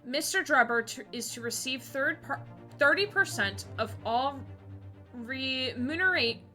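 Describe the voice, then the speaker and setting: A woman streamer chatting excitably while playing a courtroom game live, laughing often and swearing casually. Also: high-pitched, measured pace. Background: background game music.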